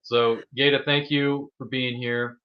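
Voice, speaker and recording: A man's voice: medium pitch, level tone, unhurried, lo-fi sound. A man hosting a casual chat show, rambling and joking with playful asides. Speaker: host.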